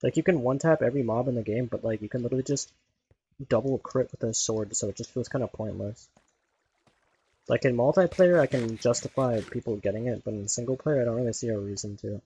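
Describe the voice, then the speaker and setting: A man's voice: medium pitch, a little fast, warm tone, a little hiss or hum, rough recording. A man giving casual gameplay commentary, rambling and leaning heavily on "like" as a filler. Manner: rambling, heavy use of "like". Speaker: gaming video creator.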